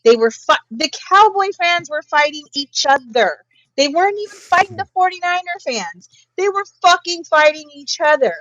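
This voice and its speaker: Animated, profane woman recapping gossip. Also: high-pitched, moderate pace, dry recording, dull audio. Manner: animated, profane storytelling with frequent laughs. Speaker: podcast co-host. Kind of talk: casual pop culture chat.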